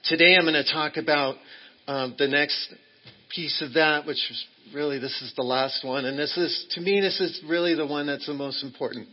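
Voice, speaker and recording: Male guest preacher, slightly high voice, loose and chatty, muffled lo-fi church recording. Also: fairly even intonation, moderate pace. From Texas. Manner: friendly, joking, loose and rambling. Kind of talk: sermon.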